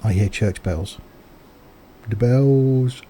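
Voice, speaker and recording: A man chats casually through a live game stream, trading jokey, teasing banter with his viewers. His voice is mid-pitched with a mellow, relaxed tone. Faint background noise sits under the speech. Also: extremely slow. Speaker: streamer playing a train simulator.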